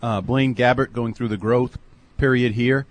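Brief: mid-pitched male panelist, measured reasoning, casual sports talk. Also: fairly even intonation. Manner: reasoned, trails off quietly at phrase ends. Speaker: football picks panelist.

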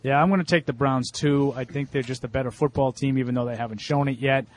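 A man with a medium-pitched, fairly even voice talks fast over a little hiss or hum. He hosts the picks segment of a casual sports panel, reading each matchup and its line before offering his own pick.

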